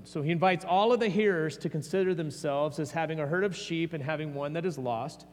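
A man's voice: on the high side, brisk, few pauses, long reverb tail. A man preaching a sermon as pastor, in a conversational manner with frequent fillers and restarts.

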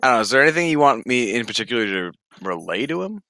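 A man chatting casually as a tabletop game player, rambling and hesitant in quick bursts. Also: mid-range voice, very animated, pushed and bright, no echo. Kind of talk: casual chat between players.

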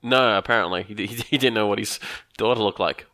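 A man's voice: lowish voice, a little fast, sharp tone, no echo. A man co-hosting a casual chat, reacting with amused disbelief and frequent laughter. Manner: laughs often, incredulous comic reactions. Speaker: podcast co-host.

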